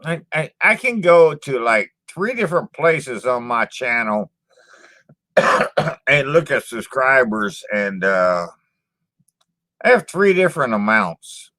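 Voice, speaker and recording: A man talks slowly and bluntly to his channel's viewers, full of swearing and doubled-up words. His voice is bright and forward. The recording is dry and close. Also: medium pitch, animated, dry recording. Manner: blunt, profane, repeats words and says "man" a lot. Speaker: channel host reading live chat. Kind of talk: casual live-stream chat.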